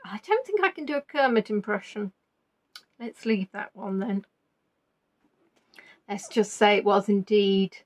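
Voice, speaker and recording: A woman's voice: medium pitch, measured pace, long pauses, a little mellow. A woman hosting a quiz, chatty and teasing, reading out answers as they come in. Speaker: quiz host. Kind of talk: live online quiz chat.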